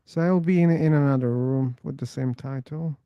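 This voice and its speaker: A man's voice: medium pitch, brisk, clear, resonant tone, dry recording, muffled recording. A man hosting an online voice-chat room, rambling casually, laughing and swearing as he tells stories.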